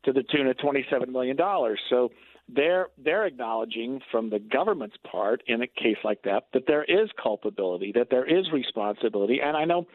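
A man's voice: medium pitch, fairly quick, dry recording. Male attorney on a tinny phone line. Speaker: defense attorney guest. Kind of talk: phone-in interview.

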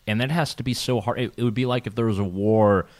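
This podcast co-host, a man in Vienna, Austria, has a lowish voice with fairly even intonation and talks fast. The conversation is casual, packed with fillers and restarts, and he laughs often.

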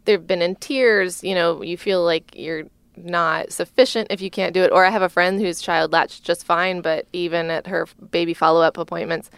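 Mom of two in easy group chat, lowish voice with a gravelly edge, dry close sound. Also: female voice, fairly even intonation, normal speed, dry recording. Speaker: mother of two.

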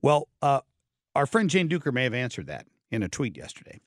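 A man's voice: medium pitch, wildly swooping pitch, fairly quick, dry recording. A man hosts an opinionated talk radio show from a dry, close studio mic. He sounds blunt and sardonic and stumbles through fillers and restarts as he comments on the news. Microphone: studio microphone.

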